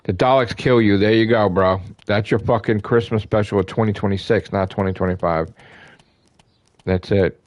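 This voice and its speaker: With a fairly low voice, fairly even intonation and a moderate pace, this gaming channel host gives an excited fan rant to camera in a dry recording. He's emphatic and profane, repeating himself to drive points home.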